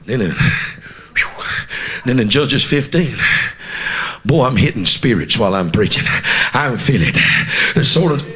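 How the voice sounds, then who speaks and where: Gravelly, shouting Georgia revival preacher. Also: male voice, mid-range voice, animated, a little slow, pauses often, a crowd in the background. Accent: Southern US, Georgia. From Southeast Georgia, US. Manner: chanted shouting preacher cadence with rhythmic "uh" between phrases; calls out to the congregation for responses. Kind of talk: live revival sermon. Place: church during a revival service.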